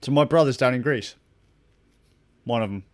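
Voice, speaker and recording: A man's voice: medium pitch, moderate pace. A young man chatting casually with his stream viewers, rambling, swearing a lot and laughing often. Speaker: gaming streamer.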